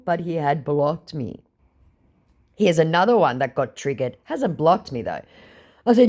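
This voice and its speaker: एक महिला जो व्यंग्य भरे, मज़ाकिया अंदाज़ में स्कैमर से हुई चैट पढ़कर सुनाती है और उस पर टिप्पणी करती है।. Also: female voice, low-pitched, wildly swooping pitch, moderate pace, a little mellow. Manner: sarcastic, mocking. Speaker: scam baiter. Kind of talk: reading out chat messages with commentary.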